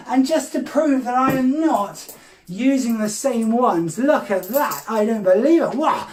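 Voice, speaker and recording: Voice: medium pitch, expressive, a little fast, recorded from a distance. A children's magician, talking straight to the boys and girls at home with big gasps and cries of surprise. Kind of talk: lively kids' magic show patter. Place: room at home during lockdown. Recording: echoey room, off-mic, faint noise.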